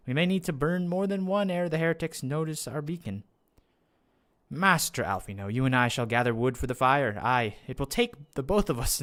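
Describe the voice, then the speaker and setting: A man voicing a composed noble male knight in measured, courtly phrasing. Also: medium pitch, fairly bright tone, lightly acted.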